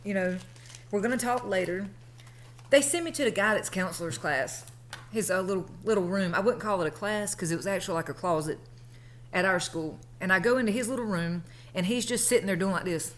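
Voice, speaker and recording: A brisk woman in her thirties with a mid-range voice, a vlogger telling a personal story in a chatty, colloquial way as casual storytelling.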